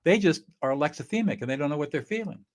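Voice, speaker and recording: A man's voice: fairly high pitch, expressive, fast. Middle-aged guy coaching earnestly, walks you through it, acts out little back-and-forths. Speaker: conflict-resolution teacher. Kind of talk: instructional talk.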